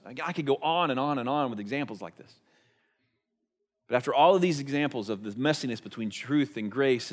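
Guy preaching a sermon, chatty style, asks questions, goes from punchy to hushed. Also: mid-range voice. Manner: conversational preaching with rhetorical questions; swings between emphatic and hushed delivery. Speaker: pastor.

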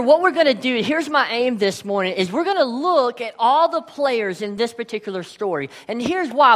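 Woman preaching a lively sermon. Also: fairly high pitch. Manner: conversational, playful asides to the congregation. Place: church sanctuary.

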